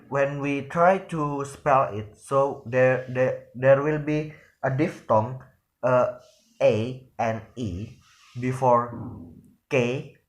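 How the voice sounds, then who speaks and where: Slow, halting man explaining phonology. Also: medium pitch. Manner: halting, repeats words and restarts often. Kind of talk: spoken lesson on phonology.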